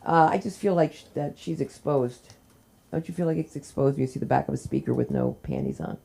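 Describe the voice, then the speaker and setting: A woman's voice: deep voice, fairly quick, gravelly, mellow. A woman from New Jersey hosting an open mic at a small comedy club, teasing the crowd and jumping from joke to joke. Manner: chatty, teasing, jumps between jokes. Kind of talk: live comedy hosting with audience banter.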